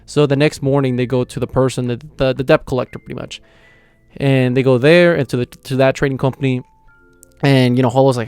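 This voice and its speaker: A young man talks through an episode recap in a loose, rambling way, padding his sentences with filler words and little chuckles. His voice is smooth and clean but stays fairly flat in pitch. The sound is dry and close, with no room echo. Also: a little fast, faint music behind. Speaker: anime reaction channel host. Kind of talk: casual episode recap and review.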